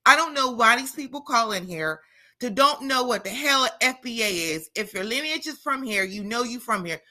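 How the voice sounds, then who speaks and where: A woman's voice: a little high, lively intonation, normal speed, pushed and bright. A woman calling in to a talk show, a teacher, speaking bluntly and emphatically. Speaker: caller, teacher. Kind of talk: call-in radio talk.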